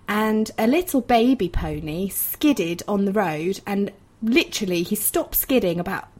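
A woman in her thirties hosting a conversation and telling a story with lively, emphatic outbursts. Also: medium pitch, measured pace. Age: 30s. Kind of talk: conversational interview.

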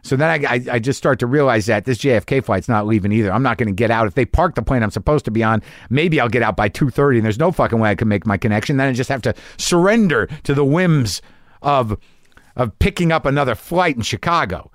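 In a clean studio recording with no echo, a middle-aged man spins a long, profane story, ranting, mocking himself, and performing other people's lines. He speaks fast and animatedly at a medium pitch.

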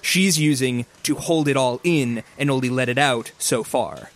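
A man narrating a tabletop game as game master, describing scenes in a casual way with quick asides. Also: mid-range voice.

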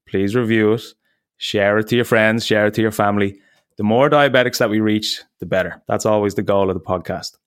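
A man's voice: lowish voice, dry recording, clean studio sound. A man hosting a podcast, wrapping up in a friendly, chatty way and laughing often. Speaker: podcast host. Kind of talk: casual podcast outro.

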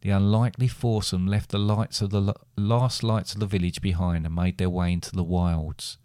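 Low-voiced man reading a comic tale. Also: normal speed, clean tone, dry recording, studio quality. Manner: deadpan, wry storytelling. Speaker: podcast co-host, father. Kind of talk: comic story read aloud.

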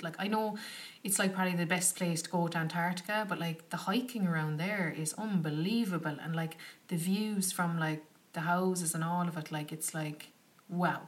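A young woman telling a travel story to her viewers in a chatty, animated way, full of "like" and "do you know". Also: on the low side, moderate pace. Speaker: travel vlogger. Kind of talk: casual travel storytelling to camera. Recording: slightly distant from the mic.

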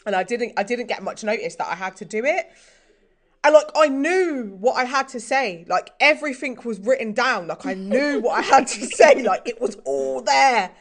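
A woman's voice: a little high, lively intonation, moderate pace. Rambling young woman. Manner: rambling, many "like" fillers, self-deprecating. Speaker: podcast co-host. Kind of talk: casual chat.

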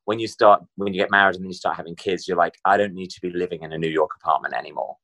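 A man's voice: sits low, very fast. A middle-aged man from Britain, telling stories as an interview guest. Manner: chatty, animated storyteller. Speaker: guest performer. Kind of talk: casual interview chat.

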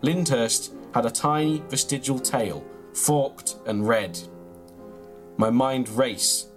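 A man reads out an absurd comic memoir in a deadpan, mock-earnest way. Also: medium pitch, slow, over music. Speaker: comedy podcast host reading his own mock memoir. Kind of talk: deadpan comic reading of a story, then casual chat.

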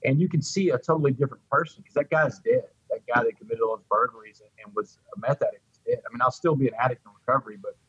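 A man's voice: medium pitch, very fast, hardly any pauses, fairly bright tone, breathy edge, no echo, dull audio. A middle-aged man telling his recovery story in an interview, heartfelt and repeating words as he goes. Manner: heartfelt, repeats words, addresses the host by name.

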